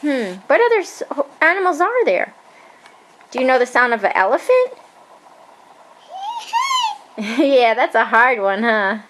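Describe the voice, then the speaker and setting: A woman's voice: a little high, big pitch swings, unhurried, pauses often, fairly bright tone, a little hiss or hum, poor audio. Sing-song woman coaxing a toddler. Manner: sing-song, encouraging, playful. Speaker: parent talking with a toddler. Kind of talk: home video, coaxing a small child.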